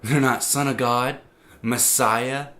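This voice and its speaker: A man giving an informal, conversational sermon, full of restarts and fillers, growing animated as he tells the story. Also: medium pitch, slow pace, a little hiss or hum. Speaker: preacher.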